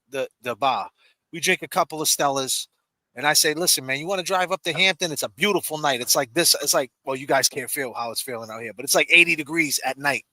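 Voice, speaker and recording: A man's voice: a little high, no room sound. A man hosting a livestream, telling stories in casual chat and acting out friends' voices. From Massachusetts. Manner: animated, acts out friends' voices. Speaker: livestream host.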